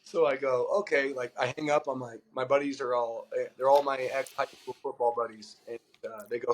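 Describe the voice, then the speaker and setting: A middle-aged Californian man who used to play pro baseball tells stories in a loose, animated, casual way, acting out the dialogue he quotes and saying "like" a lot. His medium-pitched voice moves fairly quickly, and the audio is poor.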